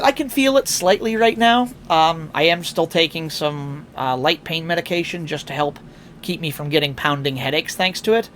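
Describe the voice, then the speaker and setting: A man's voice: high voice, fairly bright tone, a little hiss or hum. A tired man chatting casually on a live stream through a headset, rambling with fillers and restarts. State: tired, yawning.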